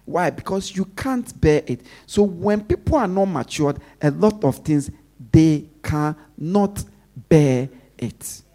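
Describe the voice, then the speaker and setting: A man preaches a sermon in call-and-response style, shifting between loud emphasis and soft asides and leaving questions open for the congregation to finish. His voice is on the high side and expressive, and he speaks at a slow pace.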